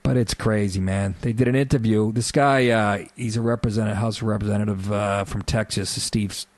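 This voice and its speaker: A man's voice: fairly low pitch, steady tone, normal speed, no echo. A man hosting a talk radio show, delivering a sarcastic, profane rant.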